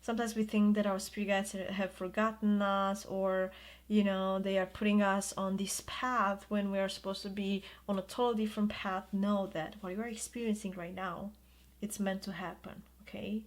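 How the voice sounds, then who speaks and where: Soft-spoken woman reading tarot. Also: medium pitch, level tone. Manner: soft, slow and soothing, drawn-out reassurances. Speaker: tarot reader.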